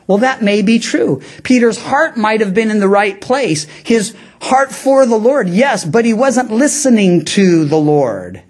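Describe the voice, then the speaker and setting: A man's voice: sits high, sing-song, unhurried, few pauses. A man preaching an expository Bible teaching sermon as pastor, in a conversational way with frequent asides, acting out quoted lines.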